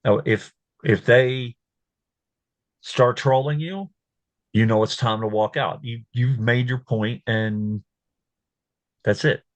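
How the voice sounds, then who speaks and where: A man's voice: mid-range voice, slow pace, pauses often, no room sound, highs cut off. Casual male commentator, dry sound. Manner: conversational, repeats words, animated when quoting. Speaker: host.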